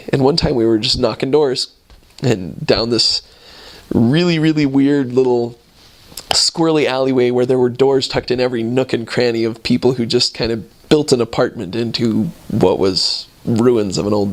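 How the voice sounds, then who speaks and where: A man in his thirties, a returned missionary, telling stories from his mission and acting out the voices of the people in them. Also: mid-range voice. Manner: animated, acts out voices in his anecdotes. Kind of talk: storytelling talk.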